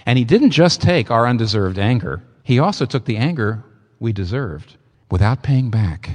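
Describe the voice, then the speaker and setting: A man preaching a sermon, emphatic and expressive, with sudden leaps in pitch for emphasis. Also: normal speed, big-room sound. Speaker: pastor.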